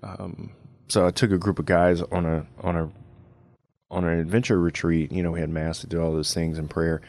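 A man's voice: sits low, level tone, normal speed, a little mellow, no echo, clean studio sound. A man from Louisiana with a Cajun accent, hosting a casual radio and podcast chat, talking loosely with lots of "you know". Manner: conversational, rambling with frequent "you know".

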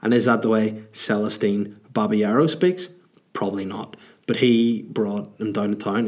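A Northern Irish man in his thirties hosts a podcast in a relaxed, chatty way. His voice sits on the low side, and he jokes his way through rambling stories and listener questions. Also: moderate pace. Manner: chatty, joking, rambling anecdotes. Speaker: podcast host. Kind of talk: casual chat answering listener questions.

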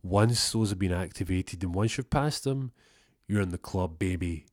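A young man telling a rambling comic story, deadpan, acting out both sides of the conversation. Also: low voice, moderate pace, no room sound, clean studio sound. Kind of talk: comic storytelling with acted-out dialogue.

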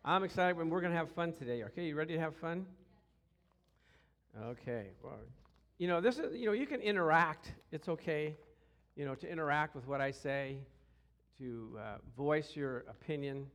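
A man preaching a sermon as pastor, lively and calling for responses from the congregation. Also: a little high, moderate pace.

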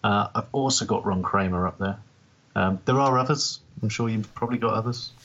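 A low-voiced English man co-hosting a podcast in a relaxed chat. He speaks in a dry, understated way, and the sound is dull and muffled. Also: fairly quick. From England. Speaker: podcast co-host.

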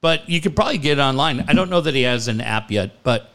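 A middle-aged man bantering on a podcast. His pitch swings widely as he jokes, curses freely and acts out silly quoted lines in an everyday voice. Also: expressive, fast, fairly bright tone. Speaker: podcast co-host. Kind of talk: casual banter.

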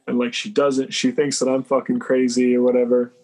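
A man's voice: mid-range voice, little pitch movement, fairly quick, darkish tone, lightly acted. A man voicing a jilted young fiance in a retold story, using a slightly raised, laid-back voice full of "man" and "dude". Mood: aggrieved.

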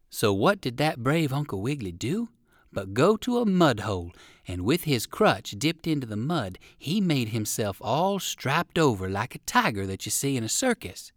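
A man reading a children's storybook aloud with warm, expressive storytelling. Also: medium pitch, moderate pace, no echo, clean studio sound. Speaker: reader. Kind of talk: storybook narration.

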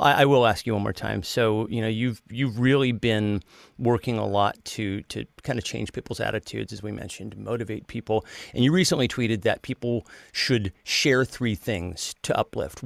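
A man hosting a podcast interview, relaxed and chatty, often repeating words as he goes. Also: on the low side, gravelly, no room sound. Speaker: podcast host. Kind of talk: casual interview.

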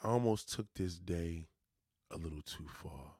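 A man's voice: low-pitched, a little slow, warm tone, slightly rough, dry recording, studio quality. A man with a New York accent, talking to his viewers in a loose, profane, rambling way with motivational asides. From New York City. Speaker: vlogger. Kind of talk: casual monologue to viewers.

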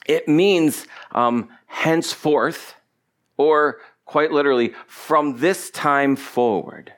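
A man's voice: on the high side, slow pace, fairly bright tone. A man preaching a sermon, emphatic and repetitive, stretching out key words for stress. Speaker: pastor.

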